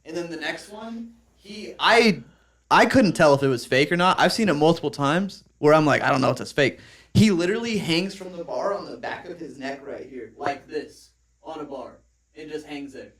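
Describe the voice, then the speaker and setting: A man's voice: on the high side, expressive, normal speed, a bit bright. A young man co-hosting a comedy podcast, telling stories in casual, crude chat and laughing often. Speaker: podcast co-host.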